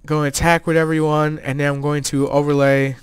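A man's voice: fairly high pitch, little pitch movement, brisk, smooth, no room sound. A man giving casual, joking commentary over a card game he played, with laid-back gamer slang. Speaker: player and channel host.

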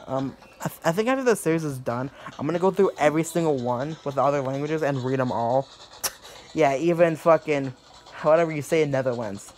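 A man's voice: on the high side, brisk, a little mellow. A man hosting a let's play video, rambling casually as he wraps up, swearing and laughing often. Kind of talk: casual gameplay commentary.

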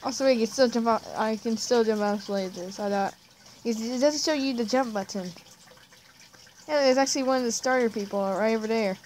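A woman's voice: on the high side, normal speed, a little mellow, a little hiss or hum, poor audio. A young woman giving chatty, self-mocking commentary while playing a video game. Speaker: gamer. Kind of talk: casual let's-play commentary.

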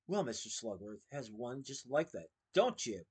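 A man voicing an eager, brave young chocolatier who talks in a lively way in a read-aloud story. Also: medium pitch, normal speed, husky.

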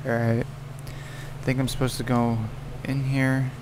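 A man's voice: medium pitch, flat delivery, takes it slowly, noisy background. A man giving casual gameplay commentary, cursing and scolding the game character. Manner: profane, exasperated, yelling at the game character. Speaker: let's play gamer.

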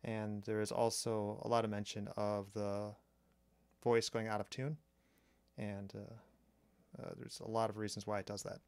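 A man calmly explaining a drum machine's sounds step by step, pausing between phrases as he demonstrates. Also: on the low side, smooth, dry recording. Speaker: synth reviewer. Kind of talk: technical demo narration. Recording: strong mains hum on the mic.

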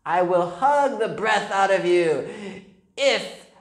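A woman voicing a menacing bear who demands eggs, with slow, loud, drawn-out threats. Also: mid-range voice, animated, reverberant. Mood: threatening.

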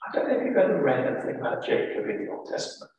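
Lively English preacher in an echoey church. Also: male voice, mid-range voice, racing, far from the mic, slight background noise. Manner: storytelling with lively dramatic emphasis. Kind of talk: sermon. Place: large church.

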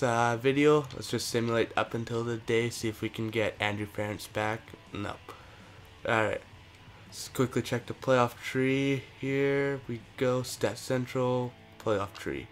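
A young man talks through his game in a loose, casual way. His voice sits at an ordinary pitch and jumps up when he cheers or swears. Faint music plays behind him. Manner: excitable, cheers and curses at the game. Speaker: gaming commentator.

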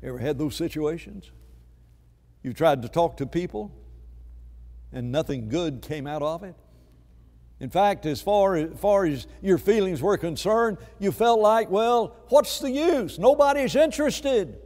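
A man preaching a sermon, swinging from hushed tones to loud outbursts and repeating words as he finds his place. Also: fairly high pitch, a little slow, long pauses. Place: church sanctuary. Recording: long reverb of a church hall.

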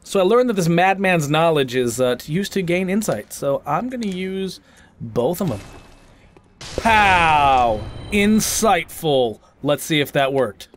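A man giving comic let's-play commentary, excitable and self-mocking, trash-talking enemies with sudden shouts. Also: on the high side, normal speed, a little hiss or hum. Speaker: gaming channel host.

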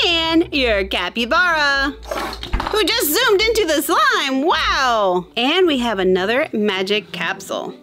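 A woman hosting a children's toy show, narrating in a slow, sing-song, encouraging way. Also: a little high, a bit bright. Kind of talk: scripted kids' narration. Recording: kids' music underneath.

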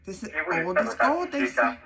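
A woman's voice: a little high, wildly swooping pitch, normal speed, a loud crowd, rough recording. A woman hosting a reaction video, exclaiming, laughing a lot and talking back to the screen in casual commentary. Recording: loud music playing behind the voice.

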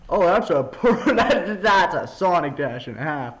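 A man giving casual let's-play commentary on a horror game, excitable, laughing a lot and yelping when scared. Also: on the high side, moderate pace, few pauses, low-quality recording. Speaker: gamer playing a horror game.

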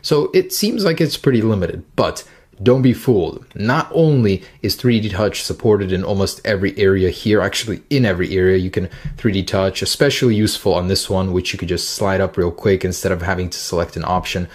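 A man with a fairly low voice talks through a demo in a casual, chatty way. He sounds upbeat and enthusiastic as he walks through each feature. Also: brisk, a little mellow, breathy edge. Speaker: tech reviewer.

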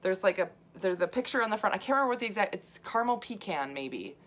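A woman's voice: medium pitch, lively intonation, fast talker. A middle-aged woman health coach talking casually to viewers, chatty and full of asides and fillers, laughing often. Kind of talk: casual livestream talk.

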